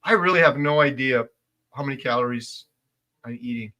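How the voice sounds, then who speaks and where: A man's voice: mid-range voice, moderate pace. A middle-aged man hosting a casual livestream, reading out viewer comments and making his points with emphasis. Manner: emphatic, gets loud when making a point. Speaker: livestream host.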